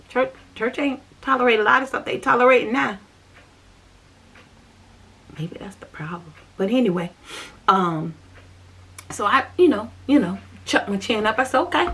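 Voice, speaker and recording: Husky woman telling a heartfelt testimony. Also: on the high side, expressive, normal speed, pauses often, fairly bright tone. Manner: earnest and repetitive, speaking straight to viewers. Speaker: vlogger sharing her faith journey. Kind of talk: personal testimony storytelling.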